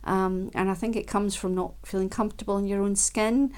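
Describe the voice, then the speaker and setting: A woman giving a gentle, unhurried self-help talk, with frequent ums and quiet laughs. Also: mid-range voice, fairly even intonation.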